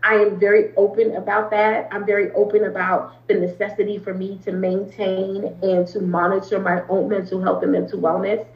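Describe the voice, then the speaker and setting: A woman's voice: mid-range voice, little pitch movement, moderate pace, hardly any pauses. A woman therapist speaking as an interview guest, explaining earnestly at length with frequent ums and restarts. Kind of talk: conversational interview talk. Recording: roomy, slightly dull sound.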